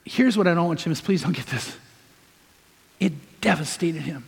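A man pastor preaching a sermon, his high voice pressing each point with emphatic repetition. His words ring out with a long reverb, as in a large church hall. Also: lively intonation, normal speed, creaky. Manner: emphatic, rising preaching with repeated phrases.

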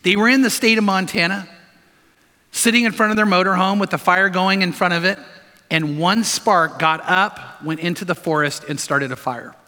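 A man's voice: sits high, moderate pace, sharp tone. A man preaching a sermon, telling stories with emphasis and putting rhetorical questions to the congregation. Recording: long reverb of a large hall.

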